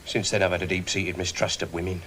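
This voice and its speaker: An actor playing a streetwise petty thief in a sitcom, wry and quick with a comeback. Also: male voice, deep voice, little pitch movement, a bit bright, slight background noise. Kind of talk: 1980s sitcom acting.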